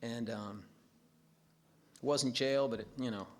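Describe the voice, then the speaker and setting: A man's voice: mid-range voice, steady tone, a little slow. A man telling his own recovery story at a meeting as a joking, profane storyteller.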